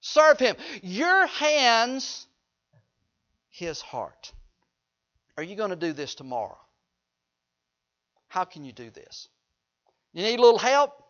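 A man's voice: high voice, big pitch swings, takes it slowly, pauses often, a bit bright. A man preaching a sermon in a folksy way, joking with the congregation. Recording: dull lo-fi recording.

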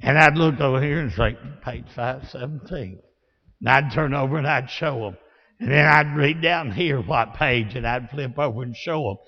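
Gravelly Southern preacher man. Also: medium pitch, normal speed. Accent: Southern American. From Alabama. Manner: folksy storytelling, rising to shouts. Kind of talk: sermon with storytelling. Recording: lo-fi, long reverb of a church hall.

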